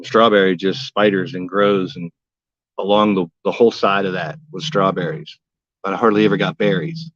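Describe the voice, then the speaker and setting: A man's voice: sits low, fairly even intonation, moderate pace, fairly bright tone, no room sound, highs cut off. A man hosting a casual gardening livestream from his backyard, talking in a folksy, rambling way and cracking jokes with old sayings. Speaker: gardening vlogger and livestream host. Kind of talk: casual live-stream chat.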